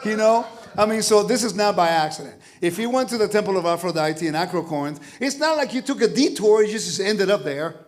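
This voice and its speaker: Man, high voice, congregation teaching, animated, asks the audience questions. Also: fairly quick, few pauses. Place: congregation hall.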